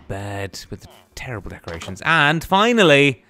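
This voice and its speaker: Excitable man chatting over a game. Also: fairly low pitch, measured pace, soft background music. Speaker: gaming YouTuber. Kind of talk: playful Let's Play commentary.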